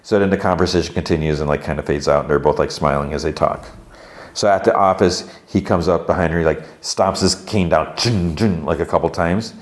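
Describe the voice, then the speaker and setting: A man with a very low, deep voice hosts a podcast, walking through events in a relaxed, conversational way. He strings the story together with "he's like" and "she's like," keeping it informal and easygoing. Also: a little fast. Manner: retells scenes conversationally with many "he's like" quotes. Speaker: podcast host. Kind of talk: casual spoken recap.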